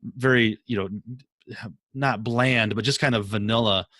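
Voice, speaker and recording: A man's voice: mid-range voice, steady tone, a little slow, sharp tone, no echo, studio quality. A man from Michigan hosting a podcast interview, laughing often and keeping it friendly. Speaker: podcast host. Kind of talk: casual interview chat.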